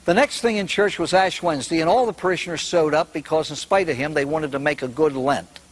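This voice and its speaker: A man's voice: a little high, brisk, rough recording. An older man, a priest, telling humorous stories animatedly and acting out the characters. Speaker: priest and speaker. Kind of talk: humorous storytelling talk.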